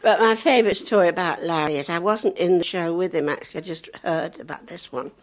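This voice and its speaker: An older English woman doing stand-up, telling family anecdotes in a chatty, jokey way and laughing at her own punchlines. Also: a little fast. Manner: jumps high in pitch when doing children's and others' voices. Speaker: comedian. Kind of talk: stand-up storytelling. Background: audience laughter.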